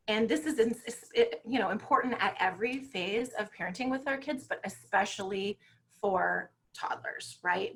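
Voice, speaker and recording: A woman speaking as a guest on parenting, telling stories in a lively, conversational way and often checking in with "right?" over a video call. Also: medium pitch. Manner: lively storytelling, frequent "you know" and "right?". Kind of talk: conversational talk.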